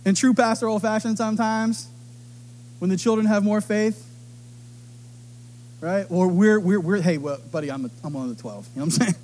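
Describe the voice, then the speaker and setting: A middle-aged man preaching a sermon, telling stories with animated delivery and acting out the voices of others. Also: high voice, moderate pace, pauses often. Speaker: pastor.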